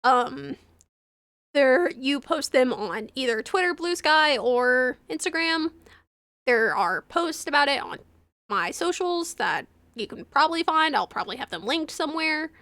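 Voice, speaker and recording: A young woman streaming from home, her high voice bright and tight to a dry desk mic. She reads game text aloud and chats with viewers, turning gushy and excitable between passages. Faint game music sits underneath. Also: unhurried, no room sound. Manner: gushing and excitable between readings.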